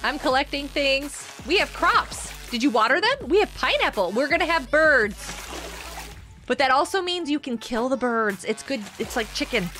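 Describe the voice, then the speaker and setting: A woman gaming streamer with a high, lively voice that swoops up and down as she chats. She talks playfully and scolds her teammates in mock outrage. Faint music plays behind her. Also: moderate pace. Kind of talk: casual gameplay commentary.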